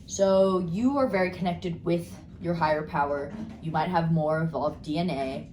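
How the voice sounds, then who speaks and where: A woman giving a casual tarot card reading, bubbly and rambling as she talks excitedly. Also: low-pitched, normal speed, few pauses, roomy sound, a little hiss or hum. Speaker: tarot reader.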